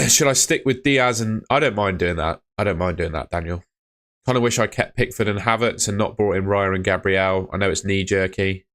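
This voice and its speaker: A laid-back young man talks in a low voice. He sounds chatty and easygoing as he reads viewer messages aloud during a live stream. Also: normal speed, fairly bright tone. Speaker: fantasy football streamer. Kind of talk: casual live-stream chat reading comments.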